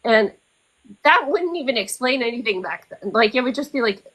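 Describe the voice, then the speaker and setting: A woman's voice: fairly high pitch, lively intonation, normal speed, a bit bright, rough recording. A woman co-hosting a podcast, recapping a story in a casual, chatty way with "like" fillers. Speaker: podcast co-host. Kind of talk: casual chat.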